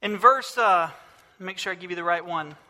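Pastor guy preaching, high bright voice, repeats stuff, long echo in the church. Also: normal speed. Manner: earnest preaching, repeats key phrases. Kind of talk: sermon. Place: church sanctuary. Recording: long hall reverb.

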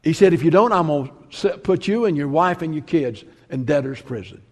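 A man preaching a sermon as pastor, telling a parable and swinging between loud emphasis and hushed, quiet lines. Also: fairly high pitch, animated, fairly quick. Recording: long reverb of a large hall.

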